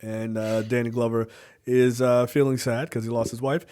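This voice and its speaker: A man's voice: medium pitch, level tone, normal speed, mellow. Laid-back cursing podcast host, male. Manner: profane, laid-back storytelling. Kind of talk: casual movie review chat.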